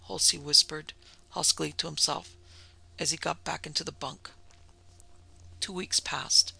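Man reading a story in a bright, gravelly voice. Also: fairly high pitch, flat delivery, moderate pace, long pauses. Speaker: narrator. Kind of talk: story narration.

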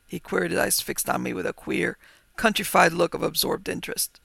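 High, gravelly male storyteller. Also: sharp tone, no room sound. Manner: measured, old-fashioned storytelling. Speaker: narrator. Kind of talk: scripted narration of a ghost story.

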